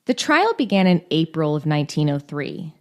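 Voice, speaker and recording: This woman has a low, very animated voice and keeps a moderate pace. As co-host of a podcast, she works through case notes in a casual true-crime storytelling manner, cracking irreverent jokes and swearing along the way.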